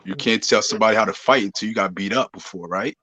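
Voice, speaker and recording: A man's voice: fairly low pitch, fast talker, bright, forceful tone, slightly rough, dry recording, poor audio. A man speaking emphatically on a live podcast discussion, often checking whether listeners follow him. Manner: emphatic, keeps asking "you see what I'm saying". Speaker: show regular.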